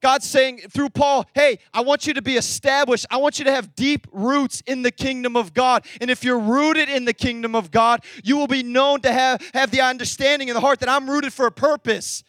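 A young man preaching a sermon, energetic and storytelling, acting out bits of dialogue. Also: very high-pitched, moderate pace, few pauses, no echo. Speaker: pastor.

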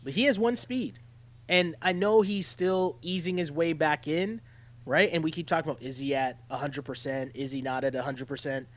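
A man's voice: a little high, normal speed, no room sound. A man co-hosting a casual sports podcast, talking animatedly and often checking in with his partner. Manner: animated, keeps checking in with "right?". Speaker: podcast co-host.

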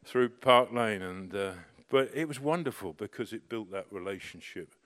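A middle-aged man telling a personal story in a casual, anecdotal way, animated and full of restarts. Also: fairly low pitch, normal speed. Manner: animated, with restarts and bursts of excitement. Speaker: storyteller recounting personal experience.

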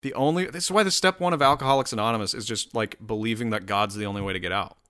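Guy doing a one-man rant show, swears a lot, keeps cutting himself off, bright forceful voice. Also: on the low side, very fast. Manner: rambling, profane, self-interrupting. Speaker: solo show host. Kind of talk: casual solo rant.

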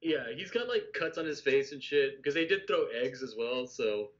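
A man's voice: mid-range voice, animated, normal speed. A man co-hosting a podcast in casual chat, agreeing often and giving loose opinions. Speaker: podcast co-host. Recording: dull lo-fi audio.

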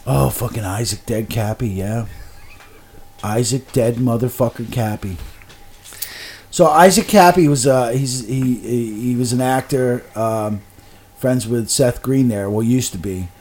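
A man's voice: medium pitch, measured pace, a little mellow, husky. A man co-hosting a podcast, talking bluntly in casual chat, with lots of swearing and stammered restarts. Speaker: podcast co-host.

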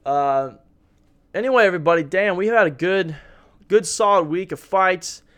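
A young man hosting a casual podcast, talking in a rambling, excitable way with a lot of swearing. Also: high-pitched, normal speed, clean tone. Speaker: podcast host. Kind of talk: casual fight-talk podcast monologue.

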